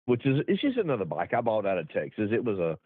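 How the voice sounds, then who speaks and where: A middle-aged guest spins a long racing story as casual storytelling, rambling, salty and self-mocking, and often laughing at himself. His voice sits on the low side with huge pitch swings, a quick pace and a breathy edge. The line is dry and thin, phone-like, with no echo.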